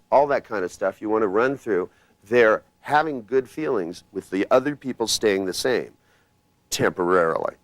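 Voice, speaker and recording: A hypnosis trainer leads a live workshop, blunt and commanding, swinging his pitch and volume to demonstrate techniques. He speaks casually, swears now and then, and there's no echo.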